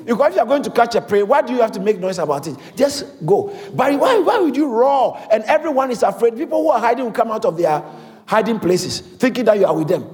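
A man preaching a sermon in a large hall, with lively repetitions and call-and-response to the congregation. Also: high voice, fast. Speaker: pastor. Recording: echoey hall.

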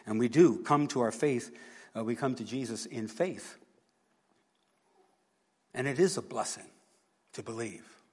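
A man preaching a sermon, earnest, moving between hushed and emphatic delivery. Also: medium pitch, a little slow, long pauses, breathy edge. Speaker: pastor.

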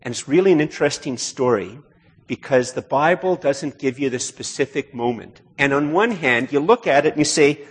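A man preaching a conversational sermon as a pastor, turning animated when he quotes. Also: medium pitch, normal speed, slightly rough, in a large hall.

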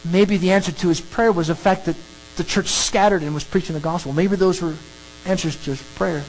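A preacher giving an animated, emphatic sermon that works through a scripture passage. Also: mid-range voice, fairly quick, slight background noise, low-quality recording. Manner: animated, emphatic, acts out crowd scenes.

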